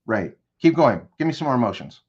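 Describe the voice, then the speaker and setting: A male consultant being interviewed leads the host through an imagined situation, checking in with direct questions as he goes. His medium-pitched voice is husky and darkish, a little fast with big pitch swings, on lo-fi sound.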